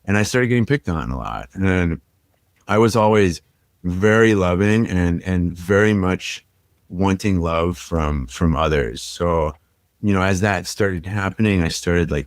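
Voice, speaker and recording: A young man with a very low, deep voice recounts his own past on a podcast, speaking reflectively and leaning on "like" and "you know." The sound is close and dry, with no room around it. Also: a little slow, dry recording. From Minnesota. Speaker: podcast guest. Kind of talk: personal storytelling in a podcast interview.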